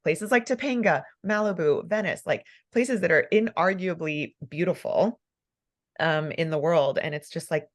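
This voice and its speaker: In this relaxed interview, the podcast host is a woman whose voice sits low and keeps a moderate pace. She talks fervently and emotionally, breaking into laughter frequently.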